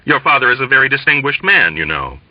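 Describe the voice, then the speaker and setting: A man's voice: sing-song, fast talker, dry recording, lo-fi sound. A man voicing a jovial, pompous young male navigator who laughs condescendingly. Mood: patronizing. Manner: booming fake laugh, patronizing.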